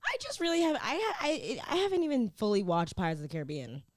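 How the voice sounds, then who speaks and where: A woman's voice: on the high side, wildly swooping pitch, fast, dry recording, studio quality. A woman co-hosting a fan podcast who mostly chimes in with short reactions and agreement. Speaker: podcast co-host. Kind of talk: casual fan chat.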